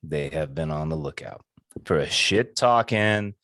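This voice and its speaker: A man co-hosting a casual podcast, sharing strong opinions in an animated, profane way. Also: a bass voice, unhurried, no room sound, clean studio sound. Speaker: podcast co-host. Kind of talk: casual chat.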